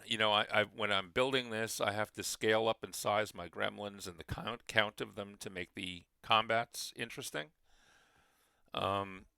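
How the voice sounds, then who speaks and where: Bright, gravelly game master explaining. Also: male voice, deep voice, no room sound. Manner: rambling, frequent restarts and fillers. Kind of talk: explaining adventure design.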